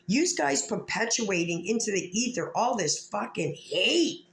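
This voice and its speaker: A woman's voice: mid-range voice, lively intonation, a little slow, creaky, a bit bright. A woman vlogger delivering a heated, profane, confrontational rant to camera in an echoey room. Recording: echoey room with faint ambient noise.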